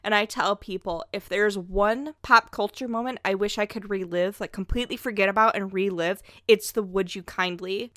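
A woman in her thirties in a casual chat, telling an animated story and acting out quotes with laughs. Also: medium pitch, dry recording, clean studio sound.

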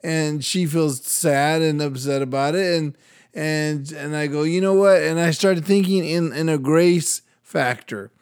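Animated older man telling a story. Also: on the high side, measured pace, clear, resonant tone, dry recording, clean studio sound. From Latin American heritage, United States. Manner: animated storyteller, acts out voices, laughs often. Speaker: radio and podcast host. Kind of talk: casual storytelling chat.

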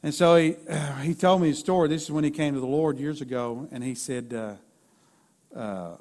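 A man's voice: on the high side, moderate pace, darkish tone. A man preaching a sermon in a folksy way, sketching stick figures and building to emphatic peaks. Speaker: pastor.

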